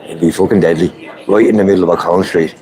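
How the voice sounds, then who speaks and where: A man's voice: low voice, steady tone, fast talker, darkish tone, poor audio. An Irish man livestreaming from a street protest outdoors, chatting casually and greeting viewers by name. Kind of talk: live street stream.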